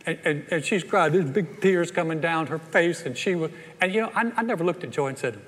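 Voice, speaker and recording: A man's voice: high-pitched, fast, hardly any pauses, fairly bright tone, a little hiss or hum. An older man preaching a sermon, emphatic with playful asides, in a large church. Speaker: pastor. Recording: echoey hall sound.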